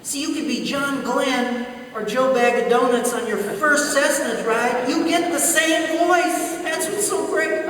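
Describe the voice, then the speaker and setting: This man has a very high voice and an unhurried pace as he gives a funny, story-driven keynote in a big conference hall, performing radio voices along the way. He stands far from the microphone, so the sound is echoey with slight hiss or hum.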